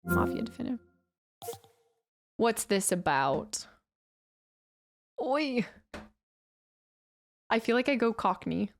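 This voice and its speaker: A woman's voice: mid-range voice, expressive, moderate pace, gravelly, long pauses. A woman game streamer in casual chat with her viewers, chatty and rambling, easily amused.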